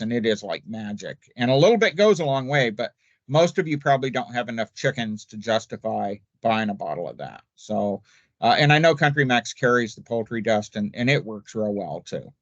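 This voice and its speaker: A man's voice: mid-range voice, animated, fairly quick, no room sound, highs cut off. An older man, a poultry expert, talking casually and folksily in a seminar, with an easygoing, jokey manner. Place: remote virtual seminar.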